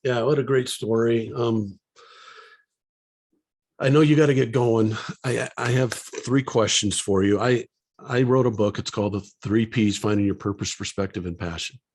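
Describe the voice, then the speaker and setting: A man's voice: medium pitch, steady tone, normal speed, a little mellow. A man hosting a podcast, asking questions and responding with encouragement. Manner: encouraging, affirming. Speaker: podcast host and author. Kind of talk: podcast interview.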